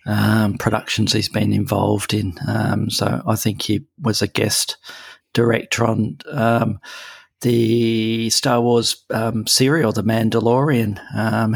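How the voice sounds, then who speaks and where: A husky, gravelly man talks in a casual radio chat. He hesitates often and fills gaps with ums. His voice sits a little low and sounds dry and close. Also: no echo. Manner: hesitant, many ums and restarts. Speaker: regular guest on a veterinary news segment.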